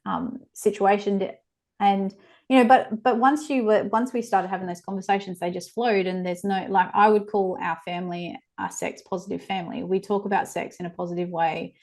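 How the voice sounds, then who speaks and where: A woman's voice: medium pitch, fairly even intonation, a little fast, darkish tone. A woman in her forties, a guest on a podcast interview, telling stories frankly and with animation. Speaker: guest, child abuse prevention educator.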